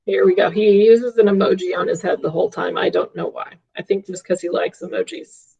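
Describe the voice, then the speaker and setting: A woman's voice: fairly low pitch, steady tone, brisk, creaky, warm tone, husky. A woman math teacher giving a live online class from home, upbeat and checking in with her students often. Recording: dull lo-fi stream audio.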